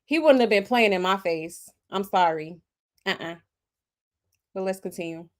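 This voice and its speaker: A woman's voice: mid-range voice, animated, normal speed. A woman hosting a casual reaction commentary, slangy and emphatic, talking straight to her viewers. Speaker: commentary host.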